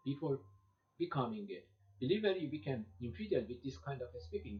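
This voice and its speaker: A man lecturing on classical poetry, reading lines quickly and then translating them into halting English with many repeated words. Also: mid-range voice, big pitch swings. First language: Persian. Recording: dull lo-fi recording.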